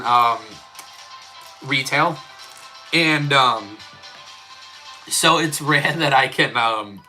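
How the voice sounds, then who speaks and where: A man's voice: mid-range voice, sharp tone. A man with an Australian accent chatting casually on a live stream while building Lego and reading chat, rambling with many fillers.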